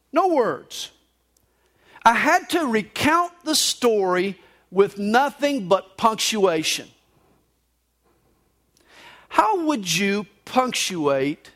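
A man preaching a sermon to a church congregation, his voice pitched high for a man. He takes his time and leans hard into each phrase, building the story with dramatic emphasis. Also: fairly bright tone. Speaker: pastor. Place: church service before a congregation.

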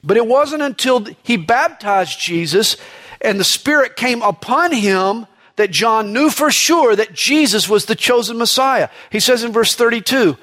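A man preaching a sermon in a conversational way, often adding "you know", raising his voice for emphasis and dropping it low and slow on solemn points. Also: lively intonation, pushed and bright.

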